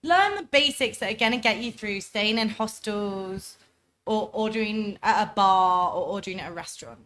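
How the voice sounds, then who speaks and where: A young woman co-hosting a travel podcast, chatting in a relaxed way with lots of "like". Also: medium pitch, normal speed, slight background noise. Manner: relaxed, loose with fillers like 'like'. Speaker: podcast co-host. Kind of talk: casual chat.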